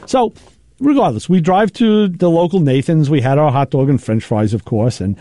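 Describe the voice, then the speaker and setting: A man hosting a show, telling rambling, animated stories in casual chat and acting out what people said. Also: fairly high pitch, normal speed, no echo, studio quality. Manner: rambling, animated anecdotes with acted-out quotes. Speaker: show host.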